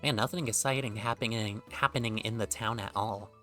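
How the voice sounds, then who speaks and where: A man's voice: lowish voice, fairly even intonation, fairly quick, sharp tone, soft background music. A man streaming a game, chatting casually, rambling and joking with offhand swearing. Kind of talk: casual gameplay commentary.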